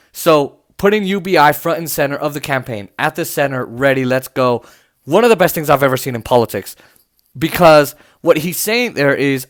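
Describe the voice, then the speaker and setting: A man hosting a podcast, giving casual political commentary in a loose, chatty way with many fillers and restarts. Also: a little high. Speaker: podcast host.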